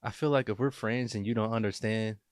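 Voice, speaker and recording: A man's voice: fairly low pitch, fairly even intonation, brisk, clean tone, dry recording, studio quality. A man co-hosting a casual podcast chat with a friend, speaking bluntly and directly. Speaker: podcast co-host.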